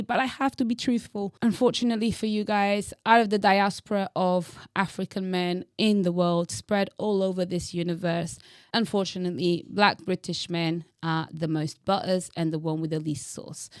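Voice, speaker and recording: A woman's voice: mid-range voice, no room sound, clean studio sound. Bold, teasing young woman vlogger. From Angola. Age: young adult. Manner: bold, teasing, dramatic emphasis. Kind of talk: opinionated direct-to-camera monologue.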